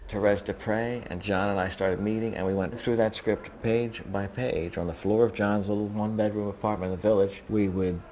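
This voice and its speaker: Fairly low-voiced man telling film stories. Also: steady tone, moderate pace, few pauses, darkish tone, a little hiss or hum. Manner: chatty, loose storytelling with fillers. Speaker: cinematographer interviewed. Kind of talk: documentary interview.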